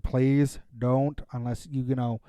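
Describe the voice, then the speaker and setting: Dry, mellow-voiced man chatting casually. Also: medium pitch, flat delivery, takes it slowly, no room sound. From Pennsylvania, USA. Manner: rambling, many fillers and restarts. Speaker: podcast co-host. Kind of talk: casual chat.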